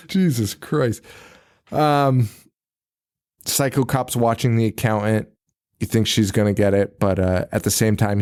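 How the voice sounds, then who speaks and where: A man's voice: on the low side, warm tone. A man hosting a podcast, casually retelling a film with frequent laughter and swearing. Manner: laughing often, swearing, acting out lines. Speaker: podcast host. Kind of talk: casual movie recap.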